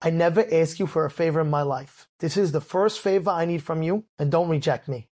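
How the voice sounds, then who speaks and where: A man doing a low-voiced desperate father. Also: fairly quick, darkish tone, lightly acted. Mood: pleading. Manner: low, earnest, pleading. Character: desperate middle-aged father, urgently begging a friend.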